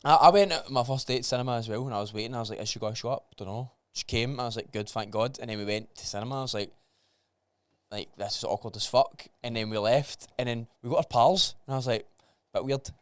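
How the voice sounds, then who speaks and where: A young man with a Scottish accent, hosting a podcast and telling stories in an animated, sweary way. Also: mid-range voice, fast talker, clear, resonant tone, no echo. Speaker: podcast host. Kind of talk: casual chat.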